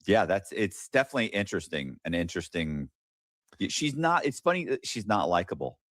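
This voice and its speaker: A man with a deep but lively voice co-hosts a casual podcast. He speaks hesitantly and fills his pauses. The sound is dry and close. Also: no room sound. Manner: hesitant, full of fillers. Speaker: podcast co-host.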